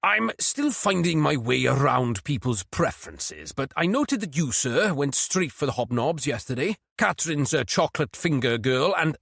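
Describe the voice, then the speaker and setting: A man's voice: fairly high pitch, very animated, moderate pace, gravelly, few pauses, fairly bright tone, no echo, clean studio sound, exaggerated voice. A man reading an audiobook, voicing a genial, chatty older male detective sergeant.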